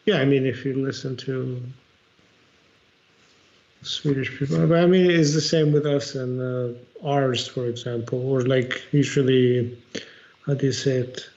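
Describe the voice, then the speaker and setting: Slow, gravelly man on lo-fi stream audio. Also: mid-range voice, steady tone, darkish tone. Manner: halting, hunts for English words. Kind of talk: casual chat.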